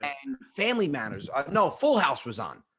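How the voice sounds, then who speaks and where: A man's voice: medium pitch, normal speed, breathy edge. A man, a guest comedian telling family stories in casual chat and acting out the people in them. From New York. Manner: animated, acts out family members in different voices.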